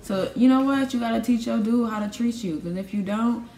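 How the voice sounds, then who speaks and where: Young woman, casual storytime vlogger, animated and slangy, acts out quotes; roomy echo. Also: on the high side, brisk, a little hiss or hum. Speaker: vlogger telling a personal story.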